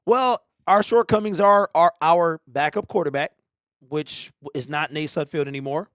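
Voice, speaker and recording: A fairly high-voiced man hosts a live football watch party from a home streaming setup, calling the plays and bantering with his chat. His sound is close and dry, and he flares into exasperated outbursts when plays go wrong. He is from the Detroit area. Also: moderate pace, a bit bright, smooth, no room sound.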